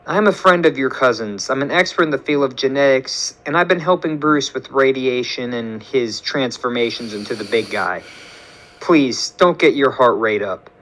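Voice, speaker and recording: A man voicing a calm, caring woman scientist and mother who speaks gently and slowly. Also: medium pitch, close to an everyday voice, rough recording. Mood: soothing.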